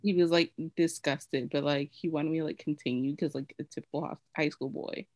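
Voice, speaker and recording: A woman's voice: low-pitched, fairly even intonation, a little fast, a little mellow, no echo. A woman co-hosting a podcast, telling frank stories in a rambling, casual way with lots of fillers. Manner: candid, rambling storytelling with many fillers. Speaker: podcast co-host. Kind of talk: casual chat.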